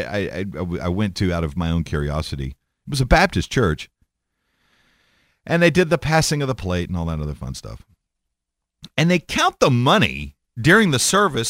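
A man giving an irreverent, sarcastic rant, animated and stammering as he goes. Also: medium pitch, no room sound, studio quality. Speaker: commentator.

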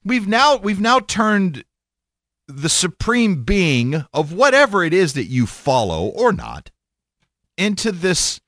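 Animated, sarcastic man ranting. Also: high-pitched, slow, no room sound, clean studio sound. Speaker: commentator. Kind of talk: irreverent rant.

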